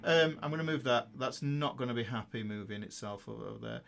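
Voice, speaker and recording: A man's voice: medium pitch, a little fast, gravelly, a bit bright. A man giving a casual guitar lesson, chatty and upbeat, laughing and talking while he plays. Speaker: guitar teacher. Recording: faint guitar music behind. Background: guitar playing.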